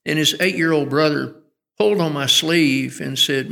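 A man's voice: a little high, normal speed, vocal fry, sharp tone. A middle-aged man speaking as a guest educator in an interview, an earnest storyteller who often restarts his sentences. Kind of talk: conversational interview. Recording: long hall reverb.

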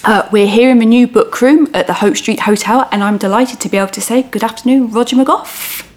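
A woman hosting an interview, reading a smooth prepared introduction and then asking her guest questions. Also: fairly high pitch, a little fast. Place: hotel book room, indoors.

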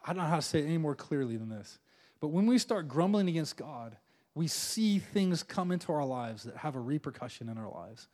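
A middle-aged male pastor delivers a sermon in a notably high voice that leaps all over the place. He is playful and animated, slipping into the voices of people grumbling at God and chuckling as he goes. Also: fairly quick. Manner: animated, playful, acts out quoted prayers with laughs.

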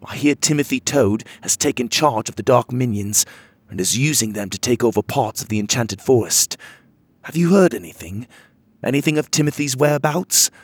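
A man's voice: medium pitch, animated, normal speed, husky, no echo. Man voicing an earnest young fairy king. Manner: earnest, formal, flustered.

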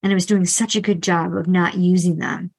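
A middle-aged woman and financial coach, talking candidly and earnestly about her own past with debt, restarting often and tossing in quick asides. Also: lowish voice, steady tone, gravelly, breathy edge, poor audio. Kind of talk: candid solo podcast monologue.

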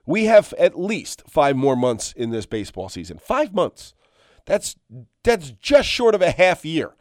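A middle-aged man hosting his own podcast, ranting casually and emphatically, repeating himself and swearing as he tells fans to calm down. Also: a little high, measured pace, dry recording, clean studio sound. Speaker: podcast host. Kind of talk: solo sports rant.

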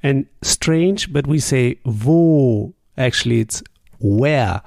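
Man, native German speaker, language teacher, patient drilling, slow pace, gravelly, dark voice, dry sound. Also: mid-range voice, no echo. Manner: slow, patient drills with sample sentences spoken slowly. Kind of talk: language lesson.

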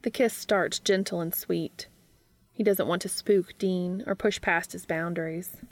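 A woman narrating a fan fiction story aloud in a steady reading voice. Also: lowish voice, a little slow.

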